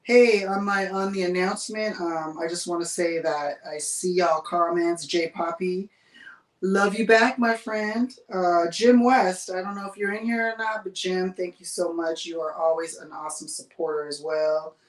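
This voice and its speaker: A chatty woman hosts a laid-back livestream, greeting viewers and reading out their comments with frequent laughter. Her voice sits at a middle pitch. It is heard in a roomy, echoing space, some distance from the mic. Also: fairly even intonation, moderate pace. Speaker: livestream host. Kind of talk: casual livestream chat.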